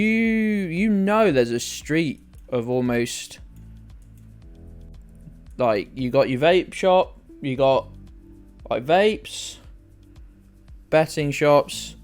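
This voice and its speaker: A young British man live-streaming a game, rambling and joking with viewers and swearing freely. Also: mid-range voice. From United Kingdom. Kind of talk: casual live-stream chat while playing. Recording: faint music in the background.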